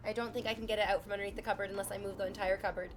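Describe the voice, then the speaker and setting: A woman's voice: medium pitch, level tone, rapid-fire, over music. A woman streaming from home, chatting casually with her viewers in a sarcastic, teasing way and swearing freely.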